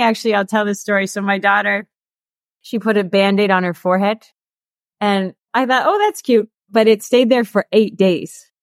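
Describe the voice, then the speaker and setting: A woman in her thirties chats as an interview guest, her talk full of "like" and quick laughs. Her voice sits at a middle pitch. The sound is dry and close. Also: dry recording. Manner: chatty, peppered with "like" and laughs. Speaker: guest, author and coach. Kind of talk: casual interview chat.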